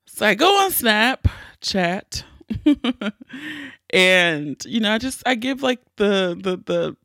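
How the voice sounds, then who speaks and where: A tearful woman hosts a podcast and tells a personal story at an unhurried pace. Her voice is gravelly, and the sound is dry and close. She talks candidly, with many fillers and restarts. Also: medium pitch, animated, a bit bright, dry recording. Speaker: podcast host.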